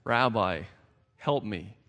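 A man's voice: lowish voice, lively intonation, slow pace, sharp tone, full character voice. A man voicing a desperate poor father who pleads and wails his complaints. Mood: pleading. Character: poor desperate middle-aged father at his wits' end. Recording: long reverb of a large hall.

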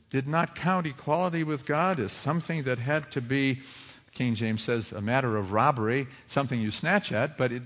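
A man preaching a sermon, asking his listeners question after question and moving between hushed reflection and rising fervor. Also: mid-range voice. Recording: long hall reverb.

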